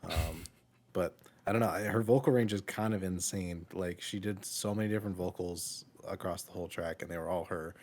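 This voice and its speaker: Deep-voiced man in casual chat. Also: steady tone, brisk, darkish tone. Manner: hesitant, lots of filler words. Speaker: podcast host. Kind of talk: casual music reaction chat.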